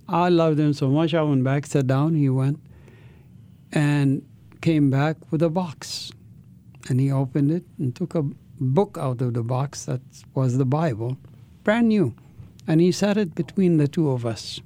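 A man's voice: on the high side, normal speed, dark tone. A man, an interview guest, telling his life story with an intense, earnest manner.

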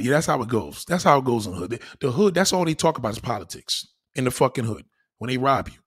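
A man delivering a crude, profane comedic rant to his viewers, swinging between low mutters and loud high exclaims. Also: expressive, fast, breathy edge. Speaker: vlogger ranting to camera.

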